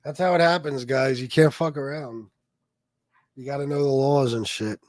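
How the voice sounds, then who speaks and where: A man's voice: medium pitch, normal speed, no room sound, clean studio sound. A man hosting a casual livestream, telling stories and talking in a blunt, profane way while answering his chat. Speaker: livestream host reading chat.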